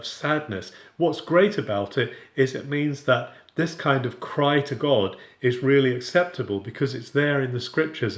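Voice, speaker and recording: Man, earnest informal Bible teacher, mid-pitched voice, echoey room. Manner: earnest, with frequent restarts and paraphrased quotes. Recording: roomy echo.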